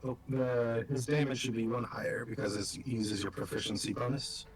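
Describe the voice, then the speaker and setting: A man's voice: mid-range voice, a little fast, rough recording. A man at a tabletop game, correcting rules and making dry, matter-of-fact remarks. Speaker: player. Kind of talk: casual tabletop play.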